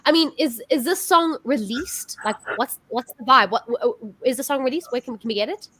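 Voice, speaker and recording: Bubbly high-voiced South African woman. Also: a little fast, a bit bright, husky. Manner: bubbly, gushing, chatty with many fillers. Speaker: host. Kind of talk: casual live-stream chat.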